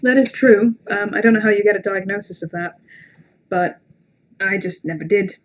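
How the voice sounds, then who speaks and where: A woman's voice: medium pitch, normal speed, slight background noise. A young British woman with a British accent, chatting casually on a livestream between horror story readings, rambling, self-deprecating and sweary. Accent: British English. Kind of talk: casual live-stream chat and story reading.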